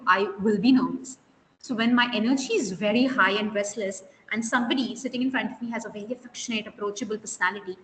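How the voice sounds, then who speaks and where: An interview skills trainer, her voice on the high side and fairly bright, lectures a live online class on soft skills, emphasizing key words and quizzing the group. The sound is echoey with long reverb and a faint hiss.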